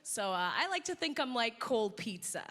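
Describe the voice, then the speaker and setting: A woman's voice: on the high side, very animated, normal speed, in a large hall. A woman comedian doing a self-deprecating stand-up set on a live stage, chatty and full of asides to the crowd. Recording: live show with loud crowd noise.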